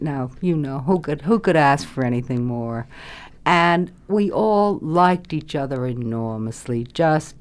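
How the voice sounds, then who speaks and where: Older woman, lively low-voiced storyteller. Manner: animated storyteller, lively rises and falls, laughs readily. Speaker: interviewee, former radio actress. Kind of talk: reminiscing conversation.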